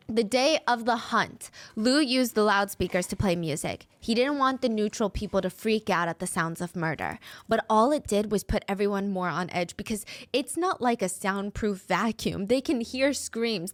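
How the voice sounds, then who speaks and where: A woman's voice: fairly high pitch, no room sound, clean studio sound. A woman telling a true crime story in a dramatic way, putting on voices for the people she quotes.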